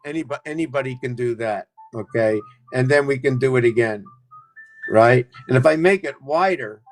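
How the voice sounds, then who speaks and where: A man hosting a live stream, explaining numbers and letter shapes in a loose, rambling way and constantly checking in with "right?". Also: medium pitch. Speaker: livestream host. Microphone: phone camera.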